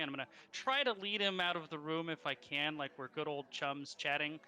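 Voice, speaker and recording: A man describing his moves as a player in a tabletop game, quick and animated. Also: a little high.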